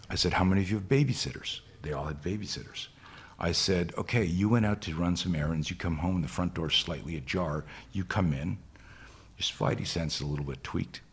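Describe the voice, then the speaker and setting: Husky low-voiced man telling an intense story. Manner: intense, profane, acts out quoted dialogue. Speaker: guest, self-defense instructor. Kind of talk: storytelling in a podcast interview.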